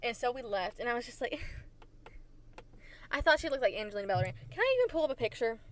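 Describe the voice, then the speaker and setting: A woman's voice: a little high, lively intonation, fairly quick. A woman hosting her own podcast, chatting casually and telling rambling stories with lots of giggles and silly, self-mocking asides. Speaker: podcast host. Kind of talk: casual solo podcast chat.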